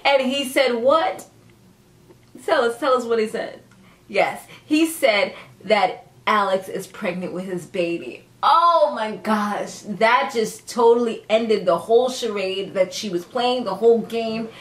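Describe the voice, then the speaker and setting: A woman with a fairly high voice chats through a TV episode recap in a sassy, animated way, swinging her pitch up for emphasis and laughing often. Her voice carries noticeable echo from the room. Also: unhurried. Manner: laughs often while talking. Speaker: TV recap vlogger. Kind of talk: casual chatty TV recap. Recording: echoey room.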